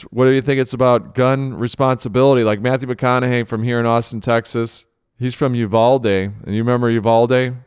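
A man's voice: mid-range voice, a little mellow, smooth, no room sound, clean studio sound. A male host, a father, giving earnest spoken commentary with emotion in his voice, often repeating phrases. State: voice thick with emotion. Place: Austin, Texas.

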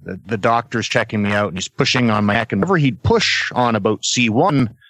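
A man's voice: fairly low pitch, brisk, dry recording. Dry-voiced man telling a wild story. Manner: animated storyteller, laughs between lines, acts out other voices. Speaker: guest, former wrestler. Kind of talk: casual anecdote telling.

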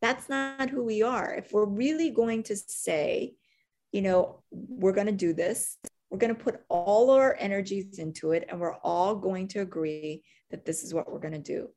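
Animated middle-aged woman telling business stories. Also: medium pitch, normal speed. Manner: animated storyteller, fillers, reenacts quotes. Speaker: agency CEO, podcast guest. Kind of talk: conversational interview storytelling.

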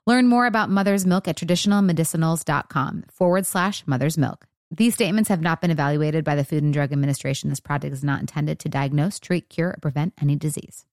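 A woman reading scripted ads in an upbeat, smooth voice, rushing through the disclaimers. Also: deep voice, darkish tone, dry recording, clean studio sound. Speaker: ad announcer. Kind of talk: scripted ad read.

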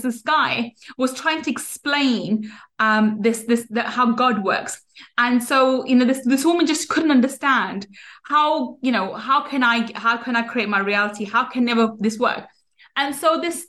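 High-voiced woman giving a motivational talk. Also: fairly bright tone. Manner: earnest, repetitive, many restarts and fillers. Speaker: podcast host. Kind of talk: motivational podcast monologue.

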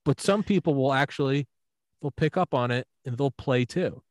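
Profane, animated man hosting a podcast. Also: mid-range voice, normal speed, no room sound. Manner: profane, animated storytelling with acted-out quotes. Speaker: podcast host. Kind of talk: casual podcast chat.

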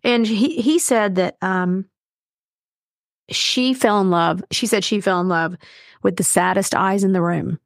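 A woman's voice: mid-range voice, a little slow, creaky, dry recording, studio quality. A woman co-hosting a podcast, talking in a chatty, heartfelt way with plenty of fillers. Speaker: podcast co-host. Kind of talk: casual chat.

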